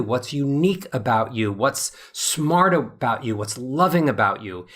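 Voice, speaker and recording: A man's voice: on the high side, a bit bright. A man in his fifties, a voice coach, explaining with animation and acting out examples as an interview guest.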